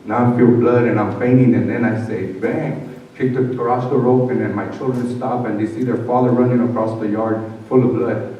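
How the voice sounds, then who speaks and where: A man's voice: mid-range voice, steady tone, fairly quick, muffled recording. A middle-aged man gives a personal testimony to an audience, acting out the voices of people from his past as he tells the story. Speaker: speaker sharing his life story. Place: large hall at a summit. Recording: echoey hall, from far off.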